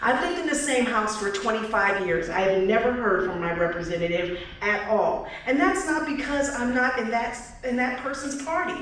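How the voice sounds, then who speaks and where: A woman's voice: a little high, normal speed, few pauses, fairly bright tone. Woman candidate addressing a crowd in an echoey hall. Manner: direct, asks the audience questions. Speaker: political candidate. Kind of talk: campaign speech at a forum. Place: community hall. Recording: echoey hall, mic from far off, faint noise.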